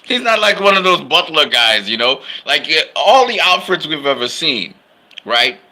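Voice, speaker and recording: A man's voice: fairly high pitch, very animated, moderate pace, bright, forceful tone. A man talking casually about films he loves, in an enthusiastic, rambling way. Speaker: film fan commentator. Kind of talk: casual film commentary.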